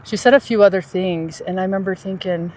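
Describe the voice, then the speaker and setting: A woman in casual podcast talk recounts her own story with lots of energy. Her voice leaps upward when she gets excited, then sinks to a soft, low murmur when she turns reflective. She laughs easily along the way. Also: brisk. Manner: animated, jumps high in pitch when quoting others. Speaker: podcast host telling a personal story.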